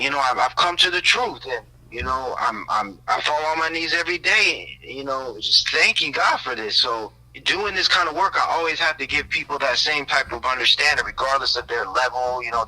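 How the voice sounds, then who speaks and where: A man's voice: on the high side, bright, forceful tone, poor audio. A man hosting a podcast, speaking earnestly and reflectively in casual conversation.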